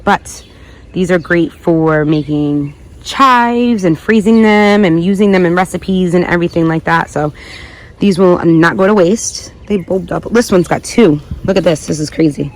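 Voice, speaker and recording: A woman's voice: fairly low pitch, unhurried. A woman giving a casual garden tour vlog outdoors, chatty and rambling, thinking aloud and correcting herself as she goes. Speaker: gardening vlogger.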